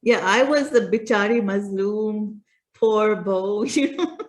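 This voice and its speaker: A woman speaking earnestly as an interview guest, retelling her own experience. She leans on repeated words for emphasis. Her pitch sits in a middle range. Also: measured pace. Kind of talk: personal storytelling in a conversation.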